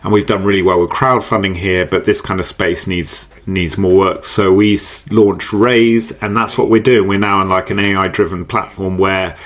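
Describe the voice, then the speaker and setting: A man speaking as a podcast guest, explaining ideas in an animated way, often repeating words and laughing easily. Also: low voice, moderate pace, few pauses. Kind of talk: conversational podcast interview. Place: based in the UK.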